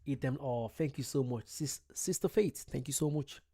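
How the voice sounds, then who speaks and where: Greeting viewers by name in a casual chat, a UK channel host runs his first live stream from home late at night. He speaks at a moderate pace in a warm, mid-range voice.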